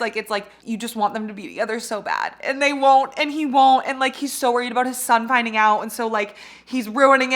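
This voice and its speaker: A young woman with a higher, lively voice speaks at normal speed in a home reading vlog, filmed in her bathroom while doing makeup. She gushes about books, laughs a lot and swears freely.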